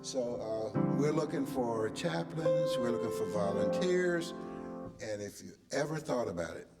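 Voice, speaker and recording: A man leading a church service, making announcements in a relaxed, chatty way with frequent fillers. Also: medium pitch, measured pace, over loud music. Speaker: service leader. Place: large church sanctuary. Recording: long church reverb.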